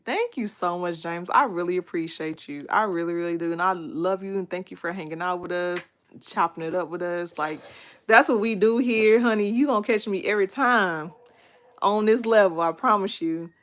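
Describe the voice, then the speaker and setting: A young adult woman hosts a livestream, chatting casually and talkatively with viewers in a lowish voice at a moderate pace. She thanks people by name with animated warmth and slips into baby talk with her son.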